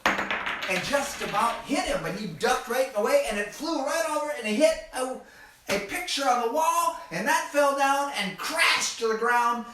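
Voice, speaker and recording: Animated man telling a children's story. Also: very high-pitched, unhurried, noisy background. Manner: animated, playful, folksy asides to kids. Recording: echoey room, mic far off.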